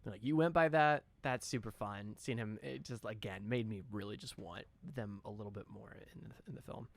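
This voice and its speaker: A man hosting a casual film podcast, excitable and loose with swearing. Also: fairly low pitch, brisk, creaky. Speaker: podcast host.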